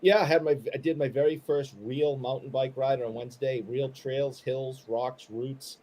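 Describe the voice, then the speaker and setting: A man co-hosting a casual live stream, telling stories in a relaxed, rambling way with many fillers and pauses. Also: mid-range voice. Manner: easygoing, rambling with fillers, earnest. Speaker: co-host.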